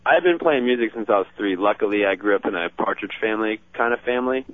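A man's voice: lowish voice, fast talker, no echo. Man, radio caller, laid-back, rambling, tinny phone line, dry. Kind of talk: phoned-in talk radio call.

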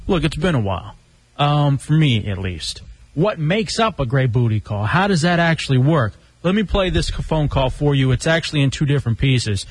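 A man's voice: fairly high pitch, animated, normal speed, breathy edge, no echo. A man hosting a radio show, chatting casually, joking and reading quotes aloud. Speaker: radio host.

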